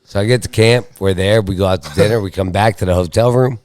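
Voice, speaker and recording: A young man from Pennsylvania telling stories with his father in a casual podcast chat, animated and swearing freely. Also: on the low side, quick pace. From Lehigh Valley, Pennsylvania. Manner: profane, animated, laughing storyteller. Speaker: son of the host, guest.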